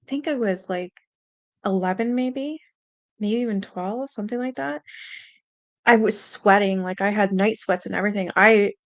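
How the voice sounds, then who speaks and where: A woman's voice: mid-range voice, normal speed, dry recording. Rambling spooked woman, dry close sound. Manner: rambling, full of fillers and mild swearing; earnest and spooked. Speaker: host. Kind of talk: casual storytelling on a livestream.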